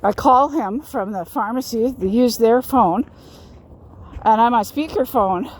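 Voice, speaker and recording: A woman's voice: fairly high pitch, unhurried. A woman vlogger recounting a personal experience in an emphatic, repetitive way, often restarting her sentences. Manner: emphatic, repeats herself, frequent restarts. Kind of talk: casual storytelling to camera.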